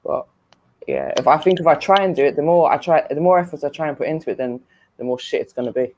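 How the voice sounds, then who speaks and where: A woman's voice: deep voice, fast, slight background noise. A woman, a guest on a live stream, chatting casually and telling stories with a lot of laughter. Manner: animated storytelling, laughs often. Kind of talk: casual group chat.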